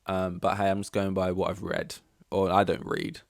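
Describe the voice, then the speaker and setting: A man's voice: low voice, little pitch movement, normal speed, gravelly, no room sound. Rambling man, dry close sound. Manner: rambling, self-interrupting, joking asides. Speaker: podcast host. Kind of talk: casual solo podcast chat.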